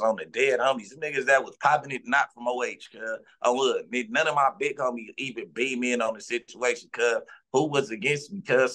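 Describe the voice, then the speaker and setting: A man's voice: mid-range voice, a bit bright. A man from Los Angeles, a guest in an interview, talking heatedly and insistently in profane street slang.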